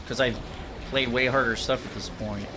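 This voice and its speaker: A man's voice: mid-range voice, fairly even intonation, moderate pace, noisy background. A man chatting casually with guests while playing a shooter on stream, swearing freely as he goes.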